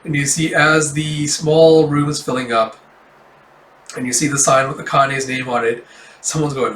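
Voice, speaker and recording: A man reading a manga chapter aloud in a relaxed, casual way, peppered with "like" and chuckles. His voice sits a little high for a man, echoing in a roomy space, picked up from a bit away from the mic. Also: normal speed, distant mic, slight background noise. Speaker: manga reader. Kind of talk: casual manga read-through. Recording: echoey room, off-mic.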